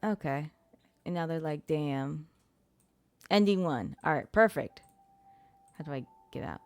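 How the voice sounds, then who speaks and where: A woman's voice: low voice, lively intonation, moderate pace, dry recording. A young adult woman streamer chatting casually and swearing while playing and narrating a game. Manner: chatty, swearing, laughing at her own struggles. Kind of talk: casual gameplay commentary. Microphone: streaming mic.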